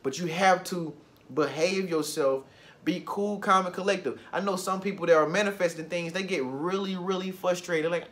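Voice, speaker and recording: A man's voice: a little high, quick pace, a bit bright. A man vlogging a loose, conversational motivational talk, repeating phrases for emphasis.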